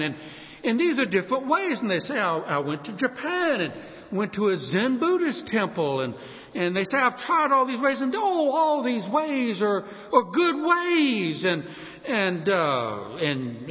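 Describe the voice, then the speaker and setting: A man preaching a sermon, emphatic, acting out back-and-forth exchanges with doubters. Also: high-pitched. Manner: emphatic, acts out quoted exchanges. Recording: dull lo-fi sound with long hall reverb.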